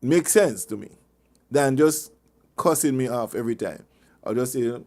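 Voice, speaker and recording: A man's voice: medium pitch, animated, normal speed, pauses often, a little mellow. Man rambling through relationship advice. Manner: rambling, anecdotal, chuckling, repeats words. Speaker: radio show host. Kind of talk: casual advice talk. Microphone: online meeting call.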